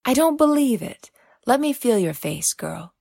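A woman's voice: mid-range voice, slow, creaky, darkish tone, no echo, studio quality, heavily acted. A woman voicing an old woman, proud and long abandoned, who speaks emphatically and breaks into sad pleading. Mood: shocked.

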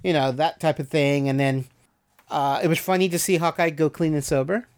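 A man's voice: on the high side, steady tone, fairly quick, clean tone. A man hosting a podcast, talking through a TV episode in casual, rambling chat full of fillers. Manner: rambling, many "you know" fillers. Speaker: podcast host reviewing a TV episode.

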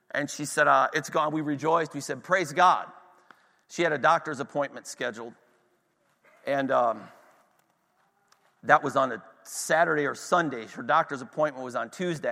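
A man's voice: fairly high pitch, vocal fry, sharp tone. A man preaching a sermon, telling a story with passion and checking in with his congregation. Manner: impassioned storytelling to a congregation, asks "are you with me". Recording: long hall reverb.

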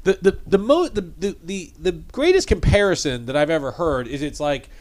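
A man chats casually as a podcast co-host, his voice pitched a little above the usual. He tells stories in an animated way, restarting his sentences as he goes. He speaks in an easy, unscripted manner. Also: moderate pace. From New England. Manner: animated storyteller, rambling restarts. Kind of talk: casual chat.

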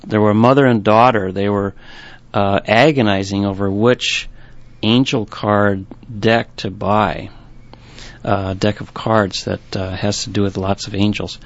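A man's voice: lowish voice, fairly even intonation, a little slow. A man who owns a bookstore, telling rambling anecdotes in an interview with many restarts. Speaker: bookstore owner. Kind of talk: storytelling interview. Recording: dull, lo-fi recording.

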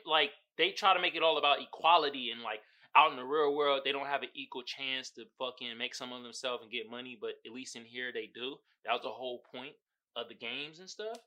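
A man hosting a podcast, casually recapping a TV series with animated, profane storytelling. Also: fairly high pitch. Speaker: podcast host.

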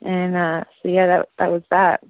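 Australian woman singer on a tinny phone line, rambling and relaxed, dry sound. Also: lowish voice, normal speed, no room sound. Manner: relaxed and rambling, many fillers and restarts. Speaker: band singer, guest. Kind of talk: casual interview chat.

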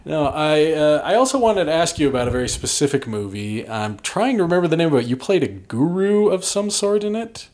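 A man co-hosting a comedy podcast, interviewing a made-up character with teasing questions and halting restarts. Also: a little high, very animated, darkish tone.

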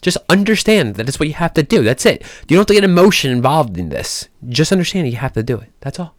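A man's voice: a little high, very animated, fast, no room sound, clean studio sound. Blunt, swearing male fitness coach. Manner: blunt, heavy swearing, repeats himself. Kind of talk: casual motivational talk.

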